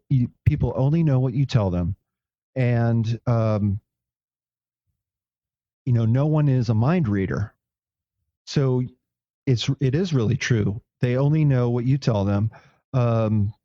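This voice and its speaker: A man's voice: medium pitch, dry recording, muffled recording. A man co-hosting a podcast, reflecting aloud in casual chat with many restarts. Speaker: podcast co-host.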